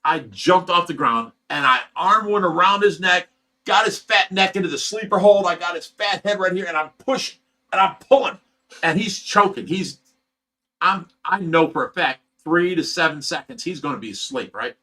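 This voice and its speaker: Brash man with a bright voice. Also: high voice, moderate pace. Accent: Ohio. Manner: profane, animated storytelling. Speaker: fish rescue host. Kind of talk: casual storytelling on a livestream.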